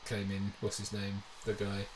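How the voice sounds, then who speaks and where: Man, lowish, rambly chat, distant mic, faint noise. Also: completely flat delivery, normal speed. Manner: rambling, laughs often, many fillers and restarts. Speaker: co-host. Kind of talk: casual chat. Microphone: lavalier.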